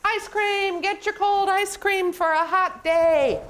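A woman's voice: very high-pitched, steady tone, slow, fairly bright tone, pitched above the performer's own voice, exaggerated voice. A woman voicing a chirpy male penguin who sells ice cream, calling out in a sing-song vendor's voice. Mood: cheery. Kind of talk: picture-book read-aloud.

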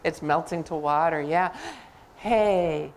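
A woman's voice: medium pitch, measured pace. Woman reading a story to children. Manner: gentle, animated storytelling to kids. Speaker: religious education director reading to children.

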